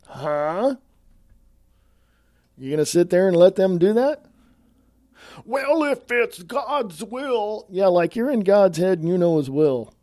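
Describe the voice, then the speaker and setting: A man's voice: on the high side, dark tone, no echo, studio quality. A man hosting his own podcast, talking bluntly in a scolding, sarcastic monologue. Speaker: podcast host.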